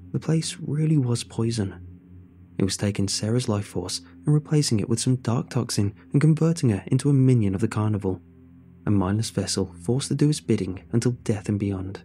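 A man's voice: lowish voice, mellow. A man narrating a first-person horror story in a scripted storytelling style.

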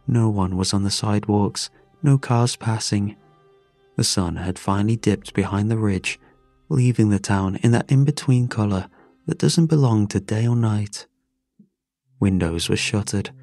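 Male narrator, low-pitched, dry close read, measured and somber, faint music bed. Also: darkish tone, no room sound. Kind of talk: scripted first-person horror narration.

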